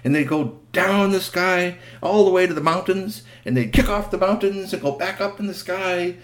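A storyteller with a high-pitched voice tells a myth to children at a moderate pace, keeping it animated and sprinkling in chatty asides.

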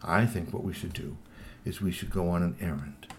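A man voicing a scheming human hiding among trolls, talking low and hushed. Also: moderate pace, slight background noise. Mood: plotting.

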